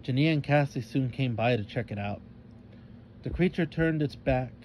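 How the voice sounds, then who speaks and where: A man reading a children's story aloud in a calm, measured narrating voice. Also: mid-range voice, a little hiss or hum.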